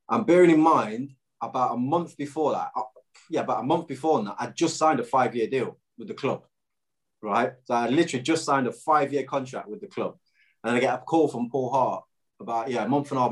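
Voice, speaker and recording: Man telling a lively anecdote. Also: medium pitch. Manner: animated anecdote-telling with quoted dialogue and frequent fillers. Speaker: former footballer guest. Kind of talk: casual storytelling interview.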